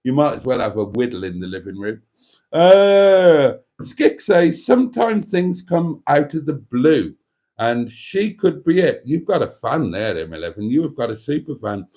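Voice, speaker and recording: A man's voice: mid-range voice, sing-song, moderate pace, warm tone. A man hosting a casual livestream, reading comments and teasing with dry quips. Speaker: livestream host.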